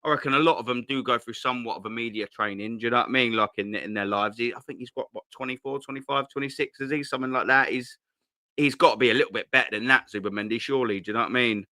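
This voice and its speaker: A man's voice: medium pitch, rapid-fire, sharp tone, no room sound, clean studio sound. A man hosting a casual live stream from home, rambling and swearing with lots of slang into a cheap desk mic at his laptop. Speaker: host.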